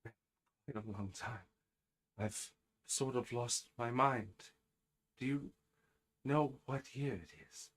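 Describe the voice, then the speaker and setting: A man's voice: mid-range voice, takes it slowly, pauses often. A man voicing a courteous, bewildered ancient man in robes who has been awake a very long time. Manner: polite, bewildered.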